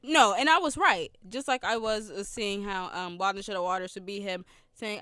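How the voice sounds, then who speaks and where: Young female podcast host, high bright voice, dry close sound, rambling and giggly, slight sore throat. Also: moderate pace, clean tone, no room sound. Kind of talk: casual film review chat.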